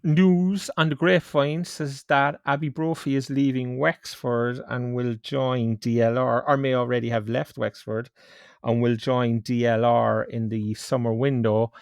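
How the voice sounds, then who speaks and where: A man with an Irish accent hosts a sports podcast in a relaxed, chatty way, poking fun at himself. His voice sits at an everyday middle pitch. The podcast mic is close and the room is dry, with no echo. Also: vocal fry, clean tone. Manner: chatty and self-mocking, brisk headline read. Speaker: podcast host. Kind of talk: casual sports podcast chat.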